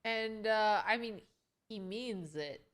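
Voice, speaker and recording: A woman's voice: mid-range voice, slow pace. A young woman hosting a livestream, chatting casually with a friend and greeting and thanking her viewers as she goes. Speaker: streamer host.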